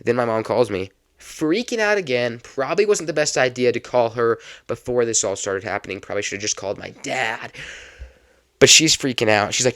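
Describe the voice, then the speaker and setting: A young adult man hosting a podcast, telling a personal story in a lively, casual way and laughing now and then. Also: mid-range voice, a little fast, no room sound, studio quality. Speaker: podcast host.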